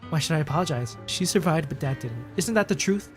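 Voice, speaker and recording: A man's voice: fairly high pitch, lively intonation, quick pace, soft background music, natural voice. A man reading a bitter, grieving young girl.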